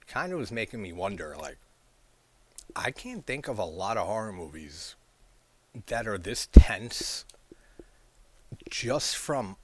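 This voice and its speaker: A man's voice: fairly low pitch, a bit bright, breathy edge. A man chatting casually about a horror film, rambling with lots of "like", laughing often and swearing freely. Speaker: horror movie reviewer.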